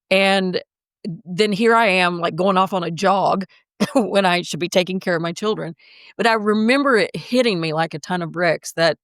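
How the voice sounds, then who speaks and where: A woman's voice: lowish voice, a bit bright, no room sound, clean studio sound. A woman coach, a podcast guest, telling a personal story in a vivid, dramatic way.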